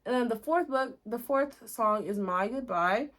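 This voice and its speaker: Giggly, chatty young-sounding woman. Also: fairly high pitch. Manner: chatty and giggly, heavy use of "like"; animated storytelling with quick asides. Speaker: video host recapping a musical. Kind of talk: casual chat.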